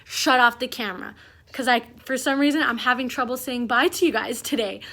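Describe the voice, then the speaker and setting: A woman's voice: a little high, a little fast, background noise. A young woman, a first-time mom, chatting to the camera at home in a rambling, emotional, heartfelt way. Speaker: mom vlogger. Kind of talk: casual chat to camera. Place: at home with her baby.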